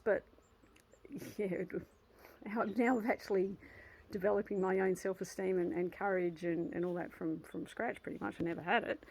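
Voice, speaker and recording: A woman in her 50s, with a mid-range voice on a rough recording, hosts her own channel and talks about self-worth in a casual motivational vlog monologue. She comes across as earnest and heartfelt, often restarting her sentences and letting out soft laughs.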